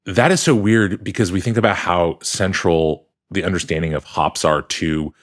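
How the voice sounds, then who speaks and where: This podcast co-host is a man with a low voice who speaks at normal speed. Recording from a hotel room, he keeps the chat casual, musing thoughtfully and rambling with frequent restarts.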